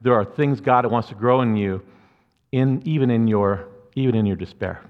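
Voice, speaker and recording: In a church sanctuary, a pastor with a mid-range voice preaches a sermon at normal speed, conversational and earnest, with asides to the congregation. The recording is muffled with church hall reverb.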